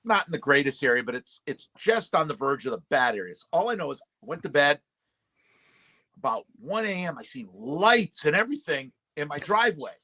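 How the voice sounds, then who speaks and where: A man's voice: on the high side, brisk. A man hosting a casual talk show, telling a long story and acting out the people in it. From Connecticut. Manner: animated storyteller, acts out shouting voices. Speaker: podcast host.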